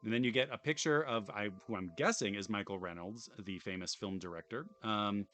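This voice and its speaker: A man's voice: on the low side, a little fast, a bit bright. A British man streaming live, reading game text aloud with wry, chatty, self-deprecating asides. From United Kingdom.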